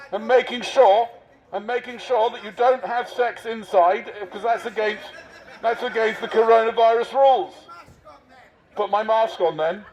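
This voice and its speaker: Mock-officious man, high voice. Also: a little mellow. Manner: mock-officious, teasing, addresses passers-by. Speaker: street prankster posing as covid marshal. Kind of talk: satirical street performance. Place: busy city street outdoors. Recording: dull lo-fi street recording.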